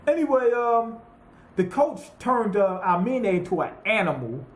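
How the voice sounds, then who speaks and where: Male anime reviewer, high voice, loose profane recap, roomy echo. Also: unhurried. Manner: profane, rambling, animated retelling with quoted voices. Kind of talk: casual recap monologue.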